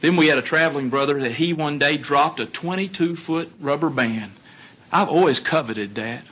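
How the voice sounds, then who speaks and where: A man giving a sermon, telling stories in an animated way and putting questions to his listeners. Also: a little high, normal speed, slightly rough. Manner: animated storytelling, acts out dialogue, asks the audience questions. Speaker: congregation speaker.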